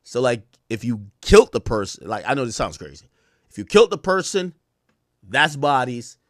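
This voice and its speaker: A man streaming casual commentary, reciting rap lyrics in a chanting flow and then explaining them in animated, rapid bursts. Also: medium pitch, no echo, clean studio sound. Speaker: streamer reacting to rap songs.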